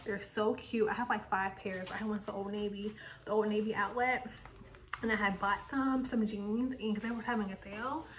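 A woman's voice: medium pitch, steady tone, moderate pace, slight background noise, poor audio. A woman in her thirties chatting casually to her viewers in a rambling vlog. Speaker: lifestyle vlogger.

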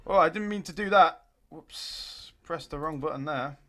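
A man hosting a let's play, giving live commentary and cheering his units on excitedly. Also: a little high, normal speed.

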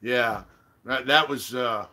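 Bright, forceful middle-aged man telling a story. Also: mid-range voice, slow. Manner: profane storytelling, quotes others with raised voice. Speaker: channel host. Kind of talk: casual live-stream chat.

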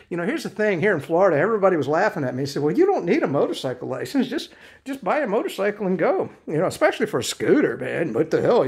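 A man in his late fifties giving a rambling, chatty scooter review, full of fillers, restarts and blunt mild swearing. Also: sits high. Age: 50s. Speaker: product reviewer. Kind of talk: casual video review.

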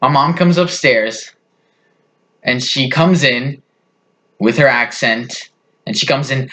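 A man chatting through a family anecdote for his channel, his voice swinging up and down with lively energy. He rambles casually, leaning on "like" and "you know" as he goes. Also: fairly high pitch, unhurried. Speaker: vlogger. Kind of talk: casual storytelling.

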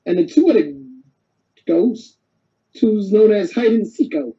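A man's voice: sits high, expressive, slow pace, dark tone, lo-fi sound. A man casually retelling a cartoon plot, rambling and restarting as he goes. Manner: rambling, stops and restarts while summarizing. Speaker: co-host recapping a cartoon.

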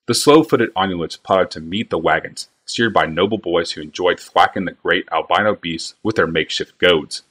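A man reading a fantasy novel aloud in a steady, measured way. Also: low voice. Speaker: reader.

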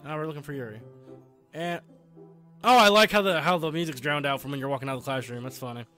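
A man's voice: a little high, fast, bright, forceful tone, soft background music. A young man giving laughing, sarcastic, profane commentary while playing a game. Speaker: gaming channel host. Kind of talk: let's play commentary.

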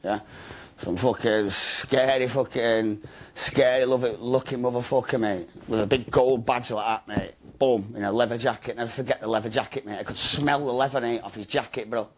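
A man recounts his story in an interview, sitting at an ordinary middle pitch. He talks fast and loose, in slang and swearwords, with mate and bro scattered through every line. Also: fairly even intonation, breathy edge.

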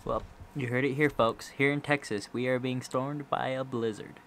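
A man's voice: medium pitch, steady tone, normal speed, a bit bright, a little hiss or hum. A young man from Kansas chatting casually for his vlog, rambling and joking. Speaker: vlogger.

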